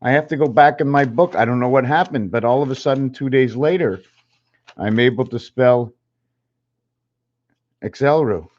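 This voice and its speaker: A man hosting his own channel, musing in a halting way, counting and spelling things aloud while drawing, a little out of breath. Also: medium pitch, darkish tone. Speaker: channel host. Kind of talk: rambling numerology talk while drawing. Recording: slightly dull lo-fi recording.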